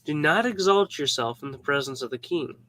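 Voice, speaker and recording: A man's voice: on the high side, animated, a little fast, pushed and bright, low-quality recording. A man giving a casual devotional Bible talk, informal and joking, acting out little scenes as he explains. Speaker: Bible teacher.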